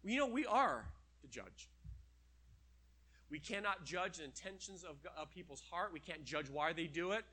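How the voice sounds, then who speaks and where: A man's voice: fairly high pitch, lively intonation, normal speed, sharp tone, breathy edge. A man preaching a sermon, acting out quoted voices and dropping to a near whisper at times.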